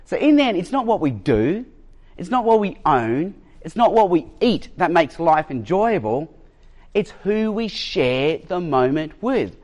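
A man preaching a sermon as a pastor, emphatic and given to storytelling, with jokes and pauses for effect. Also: sits high, big pitch swings, darkish tone. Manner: storytelling, emphatic, varies his pace.

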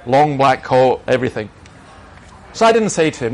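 A man's voice: mid-range voice, big pitch swings, moderate pace, gravelly. A middle-aged man, a minister, answering questions in an emphatic, argumentative way and telling anecdotes.

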